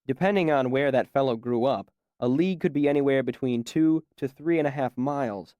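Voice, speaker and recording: Male audiobook narrator, measured first-person storytelling, dry studio sound. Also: medium pitch, mellow, dry recording.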